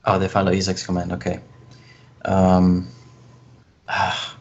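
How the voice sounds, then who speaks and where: A male tabletop player who talks in a casual, rambling way, full of ums and likes. His voice sits fairly low and comes through a muffled, lo-fi voice-chat line. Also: monotone, slow. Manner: rambling, filler-heavy.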